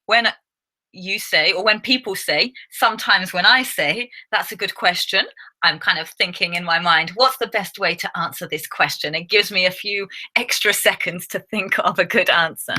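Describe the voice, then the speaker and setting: A young woman with an English accent runs a live online English lesson, talking in a chatty, halting way full of fillers, restarts and small laughs. Her voice sits a little low for a woman but sounds very bright and forward. She speaks into a webcam or desktop mic. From England. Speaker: English teacher.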